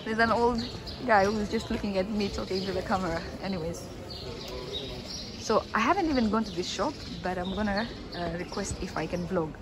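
A woman's voice: mid-range voice, brisk. A woman casually vlogging while walking through an outdoor street market, talking to a handheld camera with lots of "like" fillers. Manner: chatty, many "like" fillers. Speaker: vlogger showing shops. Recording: phone vlog with loud street noise. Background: street ambience and traffic.

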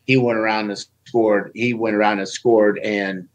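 A man with a fairly low pitch, a former Olympic wrestler appearing as a podcast guest, tells stories casually at normal speed. He's animated, acting out what people said in a raised voice, and the sound is lo-fi.

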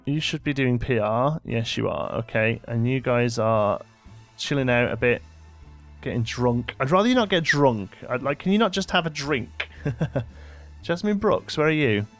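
A man's voice: mid-range voice, measured pace, soft background music. A young man giving casual gameplay commentary, bossing his in-game characters around with mock exasperation. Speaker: let's play host.

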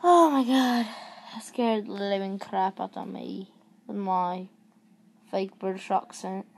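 A woman's voice: mid-range voice, little pitch movement, measured pace, vocal fry, dark tone, slight background noise. A woman hosting a horror game let's play, easily startled and exclaiming in fright as she plays. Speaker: gaming video host.

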